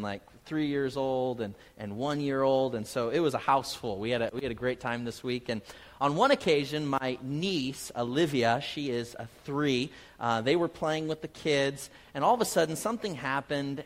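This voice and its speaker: A man's voice: mid-range voice, long reverb tail. A man preaching a sermon, telling a family story and building to emphatic, repeated phrases. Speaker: pastor.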